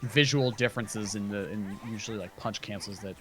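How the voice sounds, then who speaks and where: A man casually commentating a speedrun race, chatty and quick, with plenty of fillers. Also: on the low side, music in the background.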